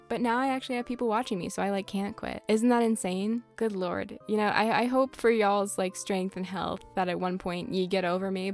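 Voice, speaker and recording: A woman doing casual, rambling gameplay commentary with sarcastic, dramatic asides. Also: medium pitch. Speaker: gaming YouTuber.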